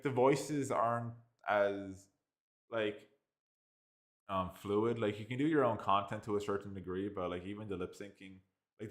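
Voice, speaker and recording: Give me a low-pitched Irish man rambling through a casual software review. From Ireland. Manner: rambling, full of "like" fillers and restarts.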